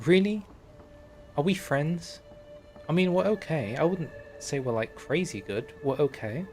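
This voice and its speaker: A man's voice: on the high side, lively intonation, unhurried, darkish tone, faint music behind. A man streaming a strategy game, chatting casually and joking while reading the event text aloud. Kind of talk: casual gameplay commentary.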